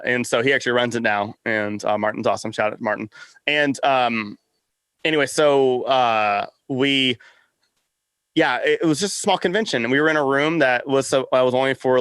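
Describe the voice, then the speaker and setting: Animated man telling stories, dry sound. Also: medium pitch, clean tone, no room sound. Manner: animated storyteller, acts out quotes, laughs often. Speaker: podcast network founder, guest. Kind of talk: casual interview chat.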